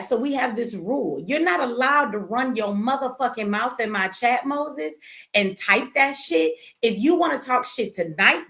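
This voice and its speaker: A woman's voice: a little high, fairly bright tone. An American woman hosting a livestream, talking casually to her chat in a brash, profane, teasing way and laughing often. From United States. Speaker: livestream host.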